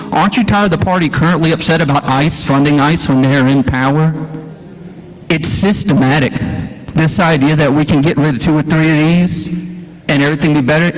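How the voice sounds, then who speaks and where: A man, a school teacher, giving a folksy, impassioned town hall speech full of rhetorical questions. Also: fairly high pitch. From Louisiana. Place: church hall, live audience. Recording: echoey hall, live stream.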